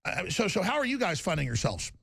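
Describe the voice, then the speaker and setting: A man hosting a live call-in talk show, talking in a rambling, excitable way that jumps from topic to topic. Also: high voice, gravelly, husky, no echo, studio quality. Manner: rambling, excitable, fast-shifting delivery.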